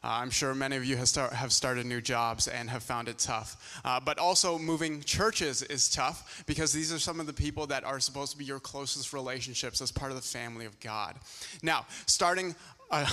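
A man's voice: mid-range voice, sharp tone. Male pastor, church talk, hesitant with fillers; echoey hall sound. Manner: halting, many filler sounds.

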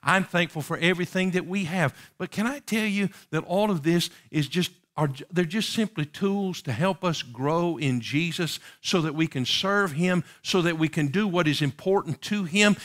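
A pastor preaches with a bright, forceful voice that sits a touch high for a man. He swings from loud emphatic calls to hushed pleading and keeps pressing the congregation with rhetorical questions. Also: moderate pace, hardly any pauses. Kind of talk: sermon.

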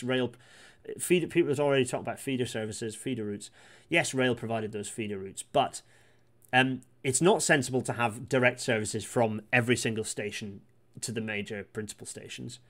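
A man hosting a live read-through, reading passages aloud and breaking off into rambling asides full of restarts. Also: mid-range voice. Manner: rapid, with many restarts and asides. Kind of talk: casual live-stream commentary on a historical report.

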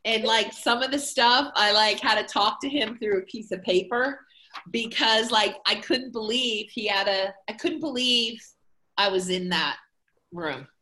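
A woman's voice: a little high, measured pace, bright, forceful tone. A woman being interviewed as a hair educator, talking casually and rambling with lots of fillers. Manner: chatty, rambling, many fillers.

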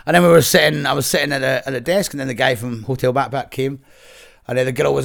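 A middle-aged Scottish man telling a wild story to an interviewer, animated and sweary, laughing as he goes. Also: mid-range voice, fast, vocal fry. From Scotland. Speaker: guest. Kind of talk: casual storytelling.

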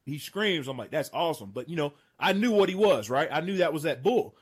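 A man in his thirties hosting a casual chat, telling a hunting story with excitement and frequent laughs. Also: on the high side, fairly quick, breathy edge. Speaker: podcast host. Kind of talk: casual storytelling among friends.

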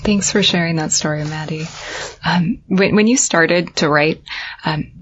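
Hesitant young woman podcast host, slightly low voice. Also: measured pace, muffled recording, music in the background. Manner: hesitant, lots of ums, giggly.

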